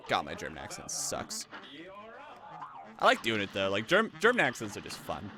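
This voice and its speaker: Excitable, swearing male game streamer. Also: lowish voice, moderate pace, long pauses, soft background music. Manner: excitable, swears often, thinks aloud about tactics. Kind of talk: live gameplay commentary.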